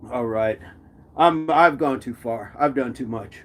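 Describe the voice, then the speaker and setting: A man's voice: medium pitch, unhurried, slight background noise. A man from the United States hosting a live stream chat, playful, laughing often and repeating his phrases as he reads comments.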